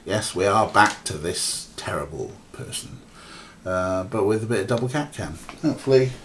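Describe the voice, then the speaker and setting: A man's voice: lowish voice, normal speed, slight background noise. A man streaming a point-and-click game, talking casually and rambling with many fillers while chatting to viewers and his cats. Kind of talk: casual let's-play commentary.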